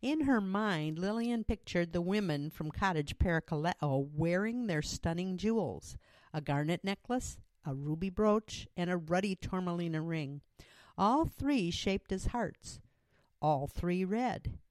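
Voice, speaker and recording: A woman narrating a story in a measured storytelling manner for an audiobook. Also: fairly low pitch, lively intonation, a little mellow, dry recording.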